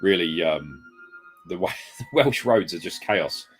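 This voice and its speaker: Deep-voiced male streamer, casual rambling chat, reads viewer comments, soft music underneath. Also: expressive, takes it slowly. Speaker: live streamer. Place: home room full of retro games. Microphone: desk mic moved close.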